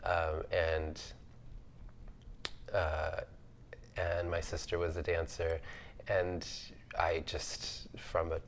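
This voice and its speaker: Low, gravelly male panelist; thoughtful, conversational storyteller. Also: completely flat delivery, very slow, long pauses, a little hiss or hum. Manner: thoughtful, many fillers, laughs easily. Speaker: artist on a roundtable panel.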